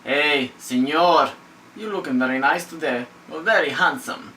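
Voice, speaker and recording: A man voicing a flattering bowl of talking peanuts, smooth and complimentary. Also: high-pitched, a little fast, reverberant, voice pushed up, full character voice. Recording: voice from a distance, faint kitchen noise.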